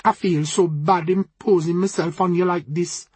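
A man's voice: high-pitched, steady tone, moderate pace, darkish tone, breathy edge, no room sound. A man voicing a smartly dressed Jamaican woman in her sixties who offers readings as a spiritual healer, with a lilting, solemn manner. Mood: apologetic.

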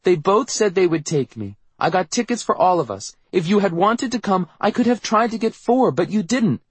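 A small, stubborn girl close to tears, voiced by a man, rising high and insistent. Her pitch climbs far above a grown voice, with a husky edge. The sound is dry and close. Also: lively intonation, normal speed, no echo. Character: tearful stubborn little girl.

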